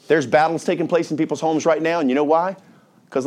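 A man's voice: fairly high pitch, fairly even intonation, fast talker, darkish tone. A male pastor delivering a sermon in a church, full of rhetorical questions and call-and-response with the congregation.

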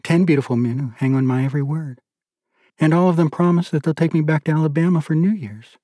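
A man's voice: on the high side, steady tone, fast, mellow, dry recording, studio quality, pitched above the performer's own voice, lightly acted. A man voicing a playful, affectionate young wife with a teasing, joking manner in an audiobook.

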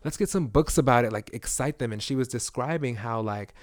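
A man's voice: mid-range voice, brisk, no echo. A man co-hosting a casual podcast chat, talking in a meandering way full of fillers. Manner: chatty, meandering, lots of fillers. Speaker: podcast co-host.

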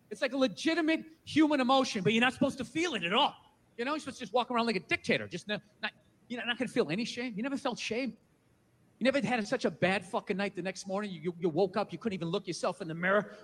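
A stand-up comedian man delivers a profane, ranting routine and slips into mocking voices. His voice sits very high for a man and rings bright and forceful. A faint noise lies underneath. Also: lively intonation, fast.

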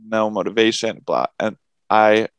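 Gravelly low-voiced young man chatting. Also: a little slow, no room sound. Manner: rambling, swears, laughs often. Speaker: podcast co-host. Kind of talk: casual chat.

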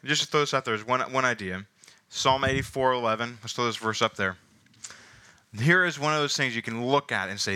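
Male pastor preaching a sermon, very bright, forceful tone, chatty asides. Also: mid-range voice, clear, resonant tone. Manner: emphatic, rising and falling with slowed stresses; casual asides amid scripture reading.

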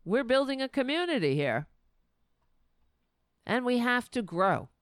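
A woman's voice: a little high, measured pace, clean tone, dry recording, clean studio sound. Tired, sarcastic woman show host. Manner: sarcastic, animated rants. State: tired and sleepy. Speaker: political talk show host. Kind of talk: casual political commentary.

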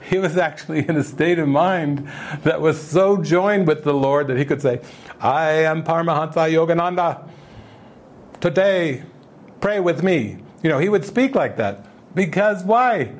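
A man's voice: a little high, darkish tone. A man teaching at a spiritual retreat in a conversational way, often chuckling and restarting his phrases.

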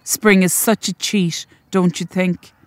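A woman's voice: fairly low pitch, fairly even intonation, no echo. A woman voicing a young Irish farm-girl waitress who chats and teases, with an Irish accent. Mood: teasing. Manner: chatty, quick to tease.

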